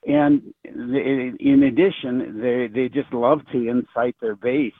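A man's voice: medium pitch, steady tone, takes it slowly, no room sound. An older retired man calling in to a radio talk show, ranting with sarcasm and stumbling through many restarts. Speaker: caller. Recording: tinny phone line.

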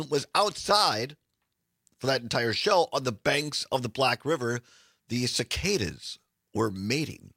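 Hoarse, chatty Midwestern radio host. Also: male voice, medium pitch, fairly bright tone, no echo. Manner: upbeat, chatty, with fillers and laughs. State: slightly hoarse, losing voice. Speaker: radio talk show host. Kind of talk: live talk radio. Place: radio studio.

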